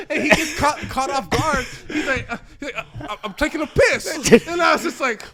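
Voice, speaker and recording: A young man co-hosting a podcast, telling stories in an animated way and laughing often. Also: extremely high pitch, a little fast, crowd noise. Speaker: podcast co-host. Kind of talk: casual chat, storytelling.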